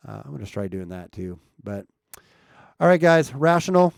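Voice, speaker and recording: A man's voice: mid-range voice, sing-song, normal speed, vocal fry, no echo, studio quality. A man chatting casually with viewers on a live stream, checking his mic and asking the chat questions as he talks. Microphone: streaming mic at home setup.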